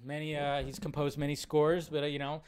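A young man hosting a casual live show, talking excitably and swearing freely as he riffs. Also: a little high, fairly quick, clean tone. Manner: excitable, profane, riffing with put-on bits. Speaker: host.

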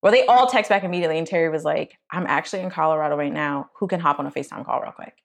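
A woman's voice: racing, gravelly. A young adult woman co-hosting a podcast, telling a personal story in casual chat and acting out quoted voices. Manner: animated, acts out quotes in a high voice. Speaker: podcast co-host.

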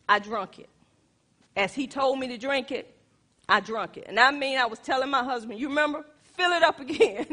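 A woman pastor preaching, telling a testimony to her congregation in an animated, emphatic way. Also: on the high side. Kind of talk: sermon testimony.

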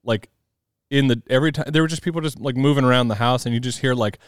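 This podcast host talks fast in a clean, mid-pitched voice, keeping the chat casual with frequent jokes and laughter. The recording is dry and studio-clean.

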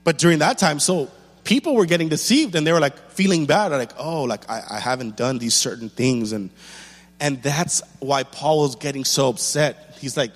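A man's voice: on the high side, lively intonation, moderate pace, big-room sound. A man preaching a sermon as pastor, building intensity with rhetorical questions and repeated lines.

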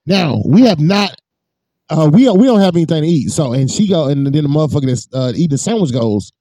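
A man telling a long, profane story in a casual podcast chat, swinging high and low as he acts it out. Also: lively intonation, fast talker, warm tone, dry recording.

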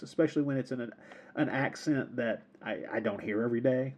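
Husky, mellow-voiced man chatting. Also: medium pitch, steady tone, brisk. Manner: rambling, repeats words, laughs often. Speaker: podcast co-host. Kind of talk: casual film discussion.

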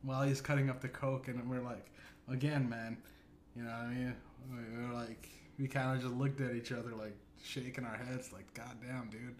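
A male comedy podcast host at a moderate pace, his mid-range voice barely moving in pitch, works through an absurd, profane, rambling story peppered with "you know what I'm saying." There's a little hiss or hum, plus echo and faint room ambience.

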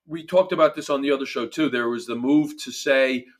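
A man's voice: mid-range voice, brisk. Emphatic man with a New Jersey accent. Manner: emphatic, restarts phrases. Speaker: performance coach. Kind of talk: casual podcast chat.

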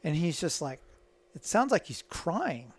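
A middle-aged man, a guest, telling stories in a casual, animated way and acting out the voices of people in them. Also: on the high side, a little slow, husky. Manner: animated, acts out quoted dialogue. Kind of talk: casual storytelling.

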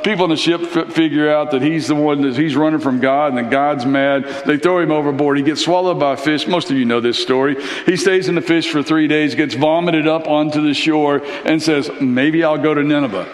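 A man preaching a sermon in a church, telling Bible stories in an animated, conversational way. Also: on the high side, fairly quick, hardly any pauses. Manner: animated storytelling, acting out Bible characters. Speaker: pastor. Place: church hall. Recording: echoey hall reverb.

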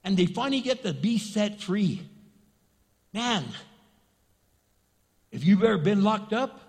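A man's high, bright-toned voice preaches, animated and folksy, slipping into the voices of the people he talks about. The sound rings out in a long, echoing church hall reverb. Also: a little slow, vocal fry. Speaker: pastor. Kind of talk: sermon.

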